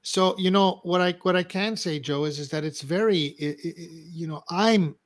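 A man hosting a casual interview over a video call, halting with restarts and frankly cursing. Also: high voice. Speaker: host, clarity coach.

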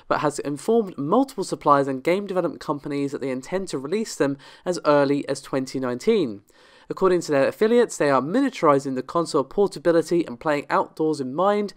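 A tech news host, a man, talks his viewers through the latest stories in a loose, conversational way. His voice sits somewhat high and comes across clean and resonant. A cold leaves it slightly nasal. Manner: chatty, talks straight to viewers. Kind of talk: casual tech news commentary.

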